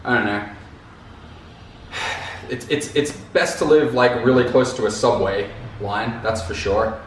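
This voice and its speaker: Far from the mic, a man speaks unhurriedly in a voice on the low side, chatting loosely to the camera with repeated words and casual slang. Faint noise and heavy echo fill the room, and he's off mic.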